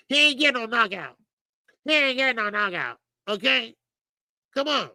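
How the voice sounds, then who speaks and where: A woman's voice: sits high, animated, normal speed, pushed and bright, no room sound, poor audio. A woman hosting a boxing channel, giving a blunt, profane, opinionated monologue straight to her viewers. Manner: blunt, profane, rhetorical, talks to viewers as y'all.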